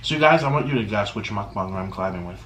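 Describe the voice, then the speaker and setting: A man hosting a chatty eating vlog at home, talking in a theatrical sing-song way that swings from loud bursts to mumbles. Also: on the low side, lively intonation, fast talker, slight background noise. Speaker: mukbang host.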